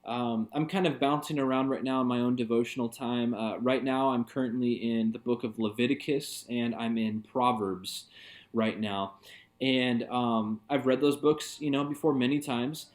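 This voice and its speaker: A man's voice: medium pitch, steady tone, normal speed. Earnest, reflective male pastor. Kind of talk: devotional talk.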